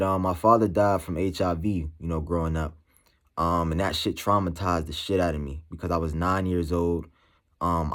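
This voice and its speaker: A man speaking candidly to camera as a motivational vlogger, halting and slangy, full of "you know" fillers. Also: low voice. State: emotional, shaken. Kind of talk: candid personal monologue to camera.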